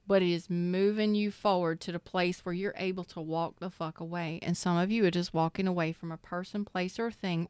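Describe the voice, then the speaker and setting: A woman's voice: medium pitch, clear, resonant tone, no echo. Emphatic swearing tarot reader, woman. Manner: emphatic, swears freely, preachy; emotional, close to tears. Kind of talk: live tarot reading.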